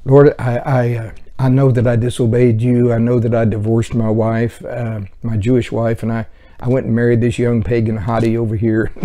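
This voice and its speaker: A man's voice: mid-range voice, little pitch movement, moderate pace, warm tone, lightly acted. A man voicing a remorseful husband who pleads with God for favor in a self-pitying whine.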